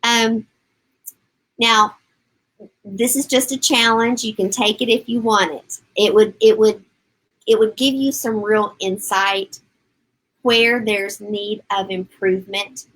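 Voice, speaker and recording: A woman's voice: mid-range voice, fairly even intonation, slow, long pauses, a bit bright, low-quality recording. Middle-aged woman, parenting coach on a live stream, upbeat and encouraging, talks straight to her viewers. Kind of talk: live-stream talk answering viewer comments.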